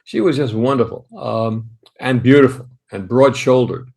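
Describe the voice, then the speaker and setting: Animated old Bronx storyteller. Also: male voice, mid-range voice, normal speed, creaky. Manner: animated, full of restarts and acted quotes. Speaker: guest. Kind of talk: anecdotal storytelling.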